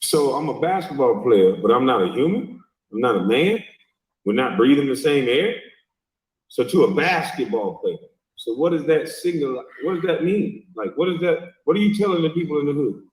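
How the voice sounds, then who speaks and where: Profane ranting man, pitch swinging wildly. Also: animated, normal speed, darkish tone, recorded from a distance. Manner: profane, mocking, scolding. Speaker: livestream host. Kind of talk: heated reaction rant. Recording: echoey, from off-mic.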